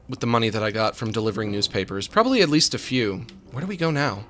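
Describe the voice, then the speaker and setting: A man's voice: medium pitch, sing-song, quick pace, few pauses, fairly bright tone. Joking man streaming a co-op game. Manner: joking, talks to his co-op partner while playing. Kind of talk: casual let's-play chatter.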